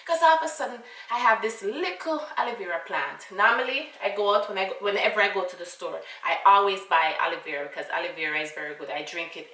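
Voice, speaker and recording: A woman with a Jamaican accent telling a casual storytime, animated and full of fillers and asides. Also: medium pitch, fast talker, few pauses, distant mic. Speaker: vlogger. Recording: roomy, away from mic.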